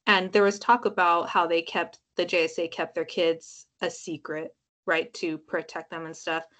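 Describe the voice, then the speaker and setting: A woman's voice: lowish voice, little pitch movement, moderate pace, fairly bright tone. A woman co-hosting a podcast, talking casually and chattily with lots of filler words. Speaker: podcast co-host. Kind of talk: casual chat.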